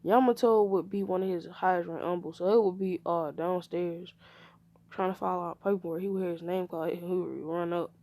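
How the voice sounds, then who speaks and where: A woman's voice: lowish voice, steady tone, fairly quick, dark tone. Rambling woman telling a fan story. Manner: rambling, with self-corrections. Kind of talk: improvised fan story narration.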